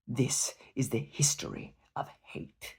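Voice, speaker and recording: A man reading aloud and voicing a proud, scornful barbarian warrior king who booms and sneers. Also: steady tone, slow, gravelly, a little mellow, slightly rough, whispered, full character voice. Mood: sneering. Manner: booming, sneering, emphatic. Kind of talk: dramatic reading of a novel.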